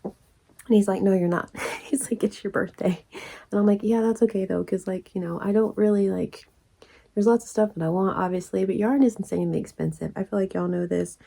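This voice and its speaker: A woman, telling a rambling story in a casual vlog, laughing often and dropping into soft asides. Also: mid-range voice, a little fast, creaky. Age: 40s. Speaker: crochet vlogger.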